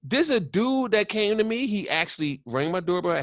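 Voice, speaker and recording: A man's voice: high-pitched, a little fast, gravelly, no echo, studio quality. A man co-hosting a podcast in casual chat, telling stories with lots of swearing and acted-out quotes. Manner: animated storyteller, swears freely, acts out quotes. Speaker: podcast co-host.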